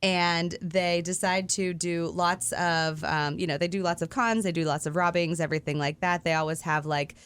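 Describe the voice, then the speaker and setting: A woman's voice: lowish voice, fairly even intonation, normal speed, hardly any pauses, fairly bright tone, smooth. A woman, co-hosting a radio show in casual chat, laughing often and trailing off mid-thought. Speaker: radio co-host.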